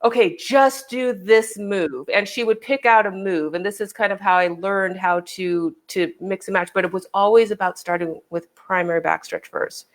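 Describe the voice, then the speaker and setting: Gravelly-voiced woman fitness trainer. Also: on the low side, fairly even intonation, normal speed, few pauses. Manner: explanatory, quotes past conversations. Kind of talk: casual livestream chat.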